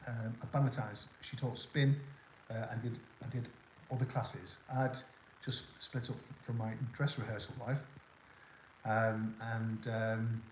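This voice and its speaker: A middle-aged man chats loosely on a live stream, rambling and reacting to viewer comments in a voice of ordinary pitch. The room gives his voice a noticeable echo, with a faint ambient hum behind him. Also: flat delivery, measured pace. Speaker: livestream host. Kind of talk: casual live-stream chat.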